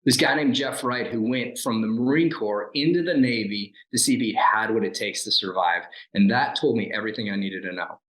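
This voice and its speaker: A man's voice: fairly low pitch, brisk, few pauses, reverberant, rough recording. A man in his forties, a guest and former Navy SEAL, telling his life story in an interview and acting out the lines people said to him. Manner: animated storyteller who acts out quoted lines and laughs at himself.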